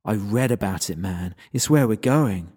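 A man voicing an arrogant, excitable young human man who dabbles in the occult, loud and drawling. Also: fairly low pitch, normal speed, husky, in a large hall. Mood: zealous. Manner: shouty, drawling, says "man" a lot.

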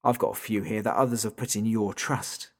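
A man voicing a sinister unseen entity speaking through a toy phone, slow, soft and mocking, in an audiobook story. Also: lowish voice, steady tone. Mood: menacing. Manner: taunting, soft and slow, drawing out the listener's name. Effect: tinny and thin through a phone.

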